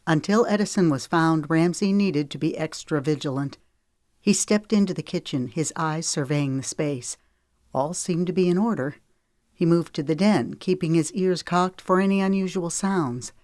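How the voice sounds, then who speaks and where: A woman reading a novel aloud in a calm, measured way. Her voice is low and dark. The recording is dry and close-miked, with no room sound. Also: no echo. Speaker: audiobook narrator. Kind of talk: scripted audiobook narration.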